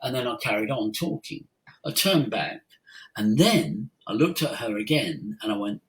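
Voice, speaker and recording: A middle-aged man, a voice coach, teaching in an interview, talking slowly and emphatically and telling stories with lively demonstration. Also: on the low side, rough recording. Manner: slow, emphatic, uses his voice to demonstrate; lively storyteller.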